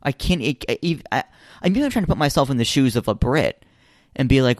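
Animated rambling American man. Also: mid-range voice, brisk, no echo, clean studio sound. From United States. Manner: animated, rambling with many restarts. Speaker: podcast co-host. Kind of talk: casual chat.

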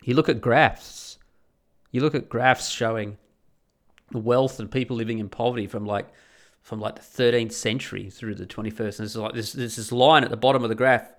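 Gravelly, ranting man. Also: mid-range voice, steady tone, moderate pace. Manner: crude, combative, full of rhetorical questions. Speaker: commentator. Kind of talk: ranting monologue.

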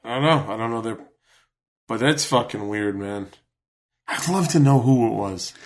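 A man's voice: mid-range voice, normal speed. A man in his forties co-hosting a podcast, talking in casual chat, blunt and profane, his voice climbing when he gets worked up. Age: 40s. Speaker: podcast co-host.

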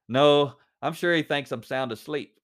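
A calm, matter-of-fact wife from a spoken story, as a man reading aloud puts her on. She answers plainly and evenly, untroubled. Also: on the high side, a little slow, clean tone.

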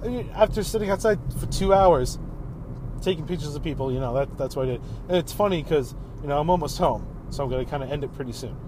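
A man's voice: on the high side, quick pace, noisy background. A man in his thirties hosting a casual solo podcast while driving home, rambling in a laid-back way and swearing freely. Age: 30s. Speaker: podcast host.

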